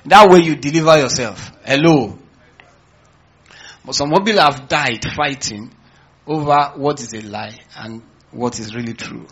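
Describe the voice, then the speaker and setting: A male pastor delivers a sermon in a slightly husky voice, often calling out to his congregation. His voice sits at an ordinary middle pitch, and the recording sounds dull and lo-fi. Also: a little slow, a bit bright. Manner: preaching with call-outs to the congregation.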